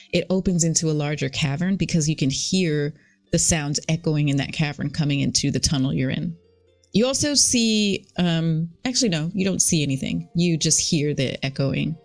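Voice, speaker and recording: A woman runs a tabletop game as game master, with a low voice. Her narration is chatty, with frequent asides and self-corrections. She keeps a casual table-talk tone throughout.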